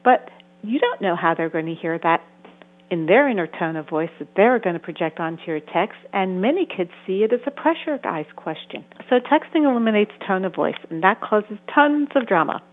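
A woman's voice: mid-range voice, animated, normal speed. A woman therapist and author giving earnest interview answers, sometimes acting out the voices she quotes. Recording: tinny phone-like sound.

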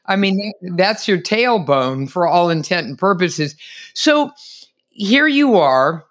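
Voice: mid-range voice, very animated, takes it slowly, a bit bright. An interview host who guides the conversation, recapping the story and asking follow-up questions. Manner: guiding, sums up and asks follow-up questions.

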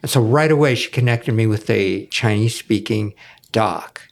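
Gravelly man telling a rambling story. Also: lowish voice, normal speed. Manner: rambling, many fillers. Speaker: guest, former foundation executive director. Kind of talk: casual storytelling.

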